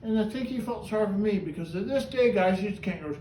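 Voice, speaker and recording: High, lively showman with roomy sound. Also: quick pace, hardly any pauses, a little hiss or hum. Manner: chatty, animated, coaxing the bird. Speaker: host of a trained parrot show. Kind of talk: showman's patter with a pet bird. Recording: echoey room, voice from far off, faint ambience.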